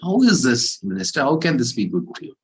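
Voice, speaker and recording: A man's voice: fairly low pitch, normal speed, slight background noise, natural voice. A man voicing a proud, short-tempered king in a spoken story. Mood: earnest.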